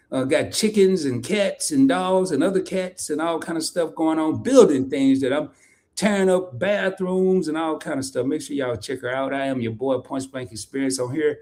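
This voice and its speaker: A middle-aged man hosting a casual live stream, talking in a playful, animated way and laughing often. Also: a little high. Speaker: host.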